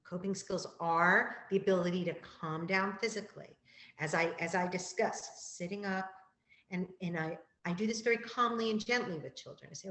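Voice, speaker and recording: A woman school counselor giving a calm, gentle, explanatory presentation to parents, repeating key phrases. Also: fairly low pitch, moderate pace, roomy sound, low-quality recording.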